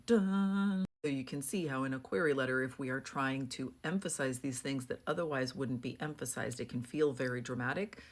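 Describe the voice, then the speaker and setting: A young adult woman who works as a book editor, giving a casual, chatty lesson with lots of "like" fillers. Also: extremely low pitch. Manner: chatty, frequent "like" fillers, reads examples aloud. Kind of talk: casual explainer lesson on punctuation.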